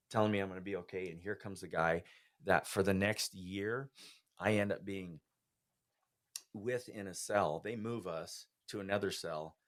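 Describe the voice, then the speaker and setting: A man with a strikingly deep, low voice speaks as a podcast guest. He tells his own story in an earnest, heartfelt way, as a personal testimony.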